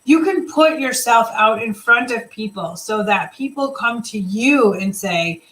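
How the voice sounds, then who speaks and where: A middle-aged woman with a slightly high voice leads her sales team through a relaxed live chat. She rambles a bit, restarting sentences and dropping in fillers as she encourages everyone. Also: measured pace, low-quality recording. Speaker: team leader.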